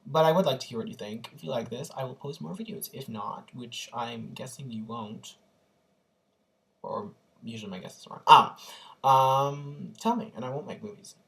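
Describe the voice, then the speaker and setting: A young man vlogging casually, telling an animated, gushing story full of ums and likes. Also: mid-range voice, normal speed, creaky. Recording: echoey room, distant from the mic.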